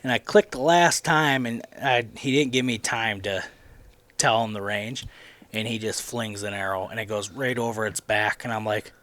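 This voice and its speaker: A man's voice: fairly low pitch, normal speed, no echo. Midwestern male podcast host, rambling casual storyteller, dry close sound. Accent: Midwestern American. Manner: rambling, animated retelling with many restarts.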